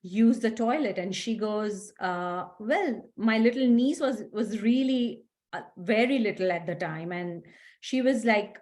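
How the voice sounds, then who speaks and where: A middle-aged woman speaker giving a workshop talk to an audience, telling stories with animated acted-out scenes. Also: on the high side, measured pace. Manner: animated storyteller, acts out scenes. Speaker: guest speaker.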